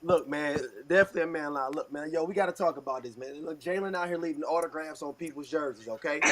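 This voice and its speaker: A man's voice: fairly high pitch, fast talker, background noise. A man co-hosting a podcast, delivering a comedic rant in a punchy rhythm and tagging lines with "okay?" and "all right?". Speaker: podcast co-host.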